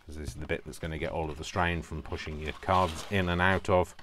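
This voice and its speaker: A deep-voiced man with a Yorkshire accent talks through a papercraft build at a home work table. He chats casually and mutters asides to himself. A faint hiss sits under the recording. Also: fairly even intonation, a little fast, fairly bright tone. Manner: chatty, self-deprecating, talks to himself while working. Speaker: craft video host. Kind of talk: casual crafting tutorial.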